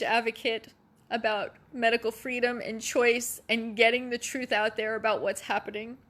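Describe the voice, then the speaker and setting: Speaking at a normal speed, this woman has a fairly high, flat voice with a slightly bright edge. She is a mother on the verge of tears, earnestly and emotionally pleading with fellow parents and repeating points to drive them home.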